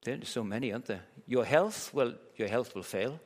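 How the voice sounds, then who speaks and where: Preacher with hall echo. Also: male voice, mid-range voice, lively intonation, brisk. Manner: vivid storytelling with emphatic rhetorical questions. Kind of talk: sermon. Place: large hall at a church camp. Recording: long hall reverb.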